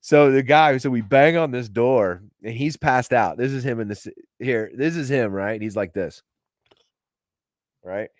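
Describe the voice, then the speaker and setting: A man's voice: medium pitch, measured pace, no room sound, clean studio sound. A man telling stories in casual, rambling, profane talk to a live audience, laughing as he goes. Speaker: podcast host.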